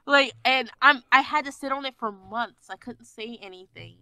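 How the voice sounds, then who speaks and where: Bright, animated woman voice actor. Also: sits high, normal speed, smooth, no echo. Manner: animated, laughing, expressive. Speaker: guest voice actor. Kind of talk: casual podcast chat.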